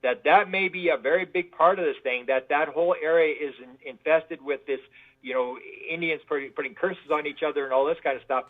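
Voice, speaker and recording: A man's voice: a little high, fairly quick. A man, a guest in an interview, telling stories in a rambling way, often repeating words. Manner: rambling, repeats words, acts out quoted voices. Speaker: guest researcher. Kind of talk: casual interview storytelling. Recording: tinny phone line.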